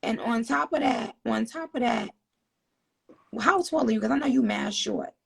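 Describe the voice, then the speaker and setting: Laid-back woman hosting a live on her phone, super gravelly and raspy, drawls her questions. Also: on the high side, normal speed. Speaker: host of the livestream. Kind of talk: casual livestream chat.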